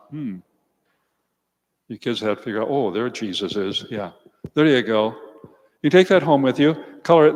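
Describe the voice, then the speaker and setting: Older priest telling folksy stories, church echo. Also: male voice, medium pitch. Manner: folksy storytelling, talks to children. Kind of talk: homily. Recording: church hall reverb.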